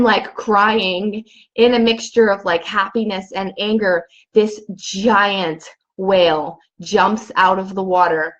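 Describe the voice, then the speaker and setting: A woman's voice: medium pitch, dull audio. Dreamy young woman telling a spiritual story. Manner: dreamy, spiritual, many fillers like "you know" and "like". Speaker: vlogger. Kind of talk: personal storytelling.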